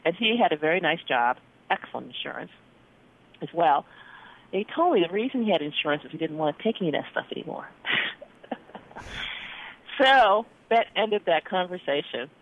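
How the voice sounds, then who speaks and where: Animated doctor telling a story over a phone-like line. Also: mid-range voice, moderate pace, long pauses. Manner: animated, acts out dialogue in quotes. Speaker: doctor being interviewed. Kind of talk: storytelling in conversation. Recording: phone-like narrow band.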